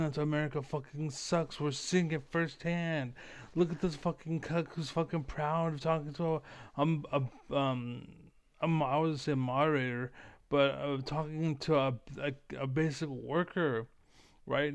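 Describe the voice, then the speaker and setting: A man's voice: a little high, steady tone, moderate pace, clear, resonant tone. A man ranting casually on his stream, rambling and profane, with lots of filler words.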